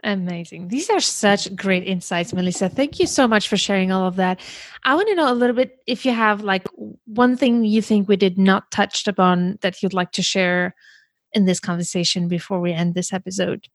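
A woman's voice: mid-range voice, moderate pace, dry recording. A woman hosting an interview, asking thoughtful questions and affirming her guest. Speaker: host.

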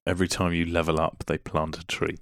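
Male podcast co-host, deep with vocal fry, jokey interjections. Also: monotone, fairly bright tone, no room sound, studio quality. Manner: joking, quick interjections. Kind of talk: casual chat.

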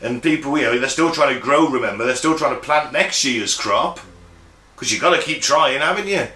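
A man's voice: medium pitch, animated, fairly quick, pushed and bright. A man co-hosting a casual podcast, explaining history at length and swearing freely. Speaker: podcast co-host. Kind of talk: casual chat. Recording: roomy echo.

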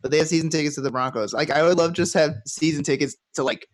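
A man's voice: fairly high pitch, fast talker. A man co-hosting a podcast in casual chat, loose and joking. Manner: loose and joking, laughs often. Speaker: podcast co-host.

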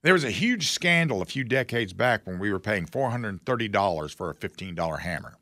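A man's voice: fairly low pitch, lively intonation, a little fast, pushed and bright, no room sound, clean studio sound. A man hosting a talk show, giving casual political commentary in a sarcastic, folksy, mocking way.

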